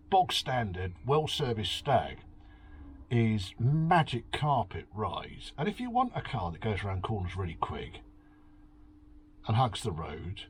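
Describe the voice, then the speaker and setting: A man's voice: mid-range voice, a little hiss or hum. A man hosting a beery home review, reading out an article and mocking it with sighs, swearing and sarcasm. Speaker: host. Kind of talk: drunken rambling review. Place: home, drinking beer.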